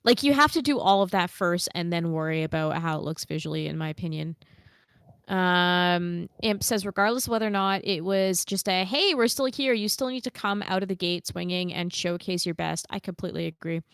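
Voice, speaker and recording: A woman's voice: on the low side, a little fast, clean tone, no room sound, clean studio sound. A woman co-hosting a podcast, casually reading viewer comments aloud and reacting bluntly with swearing. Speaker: podcast co-host reading chat. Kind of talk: casual chat.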